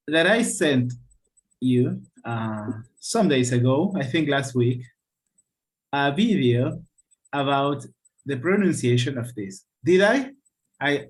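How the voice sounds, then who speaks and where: A man with a Spanish accent teaching an English class over a video call, talking haltingly with many fillers and frequent checks of "right?". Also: medium pitch, rough recording.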